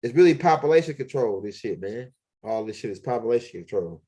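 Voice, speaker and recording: A man's voice: medium pitch, animated, a little fast, warm tone, slightly rough. A man, rambling casually and profanely as he walks around his home, with lots of fillers. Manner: loose, profane street talk with many fillers. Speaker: video blogger. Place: at home, walking around the house and backyard.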